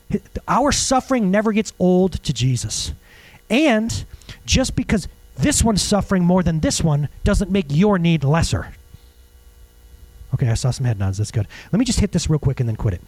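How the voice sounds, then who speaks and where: A man preaching a sermon as a pastor, conversational and animated, with jokes and asides to the congregation. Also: on the high side, breathy edge, no echo, low-quality recording.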